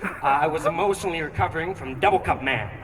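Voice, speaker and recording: A young man performing a stand-up comedy routine with animated, theatrical storytelling on a theatre stage. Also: a little high, fast. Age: young adult. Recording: echoey hall, distant mic, noisy.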